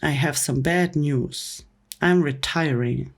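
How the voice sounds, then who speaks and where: A woman's voice: low-pitched, slow, exaggerated voice. A woman voicing a harsh, mean female schoolteacher in a whispered role-play. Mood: snappish. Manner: snappish and harsh.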